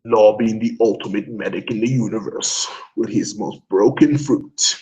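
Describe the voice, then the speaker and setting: A young man in casual chat about comic chapters, excitable and swearing, laughing often as he quotes characters. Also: lowish voice, moderate pace, rough recording. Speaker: manga discussion host.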